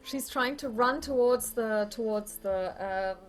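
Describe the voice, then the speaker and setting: A woman's voice: a little high, a little slow, faint music behind. Woman narrating a horror tabletop game. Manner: lively, dramatic narration with restarts. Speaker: game master.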